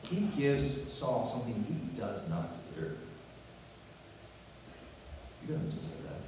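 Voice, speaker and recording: A male pastor preaches in a loose, chatty way and slips in playful asides. His voice sounds distant and rings with a long, booming reverb, as if caught from across a large hall. A faint room hum sits underneath. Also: very animated, takes it slowly. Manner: conversational preaching with joking asides. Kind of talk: sermon. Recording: echoey hall from far off.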